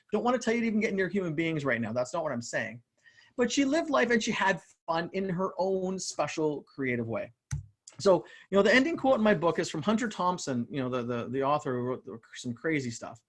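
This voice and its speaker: A man giving an energetic motivational talk over a video call, often repeating words and addressing the listeners directly. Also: sits high. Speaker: motivational speaker and author. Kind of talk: live online motivational talk.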